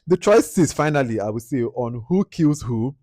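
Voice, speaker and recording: A man giving a casual film review, animated and exasperated as he acts out his own reactions. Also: mid-range voice, normal speed, no echo, studio quality. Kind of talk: casual movie review monologue.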